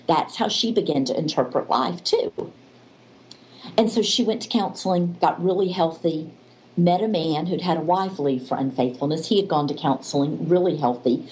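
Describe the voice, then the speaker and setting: A woman's voice: deep voice, normal speed, rough recording. A woman counselor telling stories and explaining ideas in a faith-based interview, acting out the voices of the people in her stories. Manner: animated storyteller, acts out quoted voices.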